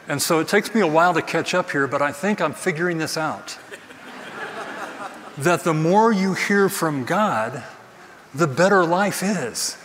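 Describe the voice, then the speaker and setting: In a church sanctuary, a man with a slightly high, fairly bright voice preaches a sermon, earnest and emphatic, returning again and again to his key phrases. A distant mic catches him in a reverberant hall, with faint background noise.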